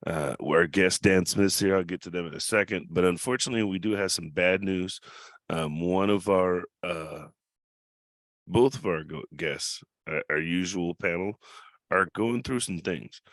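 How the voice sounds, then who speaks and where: A man with a very low voice hosts a casual podcast from home. He jokes, swears and laughs easily, and the sound is close and dry with no room echo. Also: unhurried, fairly bright tone. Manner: joking and profane, laughs often. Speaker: podcast host.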